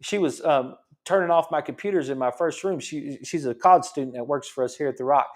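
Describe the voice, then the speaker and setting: A middle-aged man hosts a health talk program and explains in a teaching manner. His voice sits a bit higher than most men's. He presses his points home with frequent restarts and repetitions. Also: brisk. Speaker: chiropractor show host. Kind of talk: explanatory talk-show monologue.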